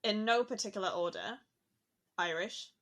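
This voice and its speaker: A woman's voice: mid-range voice, normal speed, fairly bright tone. A woman talking casually on a podcast, musing aloud with lots of "like" fillers. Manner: chatty, musing, frequent "like" fillers.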